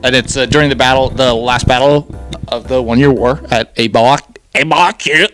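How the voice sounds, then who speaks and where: A young man casually reviewing an anime series, slangy and excitable, laughing often. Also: mid-range voice, normal speed, soft background music.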